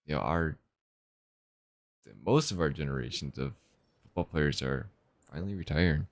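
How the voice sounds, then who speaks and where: A young man hosting his own gaming channel, giving relaxed, rambling commentary and thinking aloud as he plays. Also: low voice, unhurried, pauses often, no room sound. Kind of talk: casual gameplay commentary.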